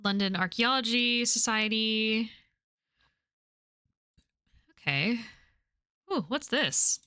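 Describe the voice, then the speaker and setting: A woman's voice: on the high side, slow pace, bright, forceful tone, clean tone, no echo, clean studio sound. A woman streaming a game, curious and chatty, muttering to herself and laughing as she explores. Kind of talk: let's play commentary.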